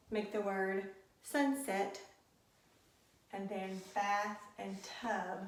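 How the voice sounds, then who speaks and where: Slow, echoey Southern woman teaching phonics. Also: medium pitch. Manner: slow, clear, encouraging, sounding words out. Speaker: first grade teacher. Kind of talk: recorded phonics lesson for young children. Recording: distant echoey classroom recording.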